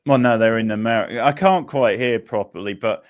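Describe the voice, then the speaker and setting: A man's voice: mid-range voice, brisk, no room sound, studio quality. A man co-hosting a film watchalong in casual, rambling chat full of filler words. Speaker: watchalong co-host.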